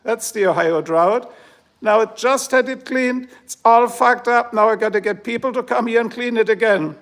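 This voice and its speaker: A man's voice: very high-pitched, normal speed, fairly bright tone. A man from Germany ranting on a live stream, swearing and complaining in an exaggerated way. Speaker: livestreamer. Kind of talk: casual live stream rant. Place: at home by his garage.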